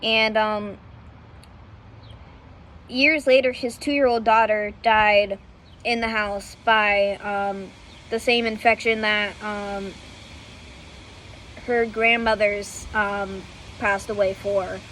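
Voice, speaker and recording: A woman's voice: mid-range voice, steady tone, slow, long pauses, a bit bright, slight background noise, low-quality recording. A woman vlogger telling history in a casual, hesitant way, with many fillers and self-corrections, often laughing at herself. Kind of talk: casual unscripted storytelling.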